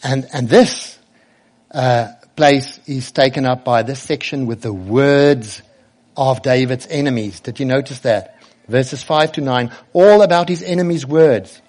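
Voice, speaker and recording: A man's voice: medium pitch, a little slow, darkish tone. A man preaching a sermon earnestly, often turning to ask the children direct questions.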